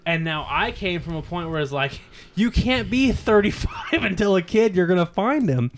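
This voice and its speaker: A man in casual podcast chat, telling stories in a brash, profane, animated way. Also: sits high, normal speed, a little hiss or hum.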